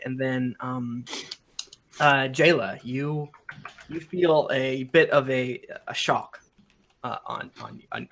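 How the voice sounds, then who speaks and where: A man's voice: medium pitch, fairly bright tone, slight background noise. A man narrating as game master of a live-streamed tabletop game, in a rambling way with many fillers.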